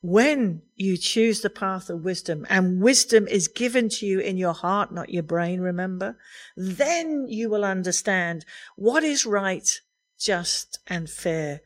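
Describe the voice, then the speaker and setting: A woman's voice: mid-range voice, expressive, takes it slowly. A middle-aged woman preaching a sermon in an earnest, conversational way, laughing lightly now and then.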